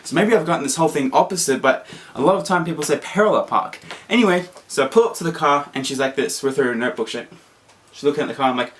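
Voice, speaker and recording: A young Australian man vlogging, telling a story in a casual, animated way and jumping into high squeaky voices when he acts out what people said. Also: fast talker.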